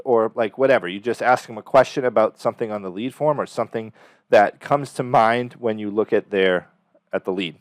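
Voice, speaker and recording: A man with a fairly low voice gives sales coaching in an emphatic, repetitive, motivational way. The recording is dry and close with almost no room echo. When he acts out lines from a phone script, his delivery turns brighter and more upbeat. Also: fairly quick. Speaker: sales trainer.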